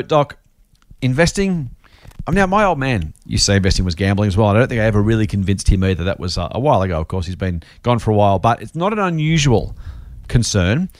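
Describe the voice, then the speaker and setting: A man's voice: mid-range voice, no room sound, studio quality. A man hosting an investing podcast, joking as he reads listener mail aloud. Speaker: podcast host. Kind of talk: casual podcast chat.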